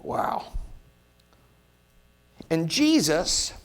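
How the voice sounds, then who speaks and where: A pastor delivering a sermon in a chatty, conversational way, his voice a bit higher than most men's. He keeps asking the room questions and moves between loud, pushed lines and low, quiet stretches. A faint electrical hum runs under the recording. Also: very animated, very slow. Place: church sanctuary.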